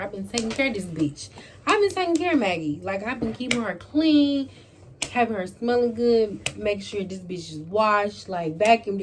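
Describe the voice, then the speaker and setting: A woman vlogger in her bedroom telling a casual storytime to camera, animated and peppered with "like" and swearing. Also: medium pitch, background noise. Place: bedroom at home.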